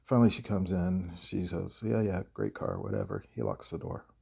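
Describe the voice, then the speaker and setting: A man, a horror writer, telling a personal story in a halting, hesitant way with many pauses. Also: sits low, very animated, creaky, warm tone, slightly rough.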